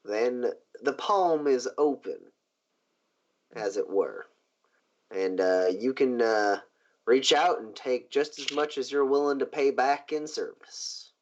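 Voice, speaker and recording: A man voicing a suave, scheming male riverboat owner in a tabletop game, measured and drawn out. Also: mid-range voice, darkish tone, close to an everyday voice. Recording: dull lo-fi sound.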